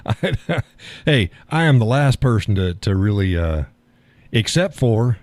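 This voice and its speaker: A man's voice: mid-range voice, lively intonation, slow, long pauses, a little mellow, no room sound. A man hosting a live stream, chatting casually, often laughing, folksy and blunt with casual swearing. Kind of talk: casual chat.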